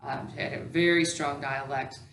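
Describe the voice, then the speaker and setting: A woman's voice: deep voice, steady tone, moderate pace, a bit bright, roomy sound, a little hiss or hum. A woman teacher educator giving a recorded lecture, explaining patiently with many ums and restarts.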